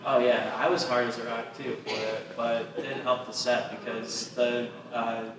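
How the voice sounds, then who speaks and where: A man's voice: medium pitch, level tone, moderate pace, heavy reverb, far from the mic, noisy background. A man co-hosting a comedy podcast, talking in a laid-back, rambling way about stand-up gigs. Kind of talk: casual chat.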